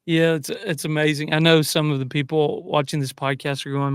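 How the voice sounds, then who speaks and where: Higher-voiced, smooth male podcast host. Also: little pitch movement, brisk, hardly any pauses, no room sound, studio quality. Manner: responsive, addresses the audience directly. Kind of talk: conversational interview.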